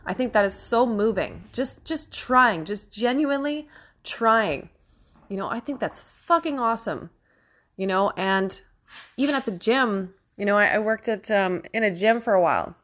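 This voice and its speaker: A woman's voice: medium pitch, lively intonation, normal speed, a bit bright. A young woman giving a casual opinion monologue as host, earnest and emphatic, swearing freely and laughing often, close to tears with emotion.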